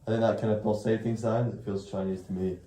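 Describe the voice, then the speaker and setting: A young man talks casually on a live stream in a slightly low voice. He rambles and corrects himself mid-thought. Swearing comes easily in his chat. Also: flat delivery, fast talker, dark tone. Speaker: IRL streamer.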